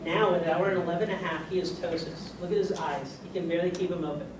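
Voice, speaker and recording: A man giving a medical lecture to a live audience, heard from a distance in an echoey room. He talks conversationally, putting questions to the audience. A steady hiss of noise sits under his voice. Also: a little high, fast. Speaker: doctor giving a talk. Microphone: far room mic.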